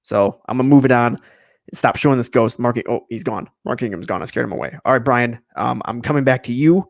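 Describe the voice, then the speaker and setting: A man co-hosts a fantasy football podcast with a middling pitch and a playful, emphatic delivery. He jokes freely and talks straight at the players. The room is dry, with little echo. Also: fast talker, vocal fry. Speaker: podcast co-host. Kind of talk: casual sports talk.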